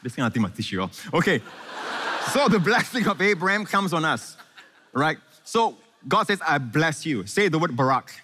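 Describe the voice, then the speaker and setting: A man's voice: on the high side, very animated, very noisy. Man preaching in an echoey hall. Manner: engaging, quizzes the congregation with quick questions. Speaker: pastor. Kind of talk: sermon. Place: large church hall before a congregation.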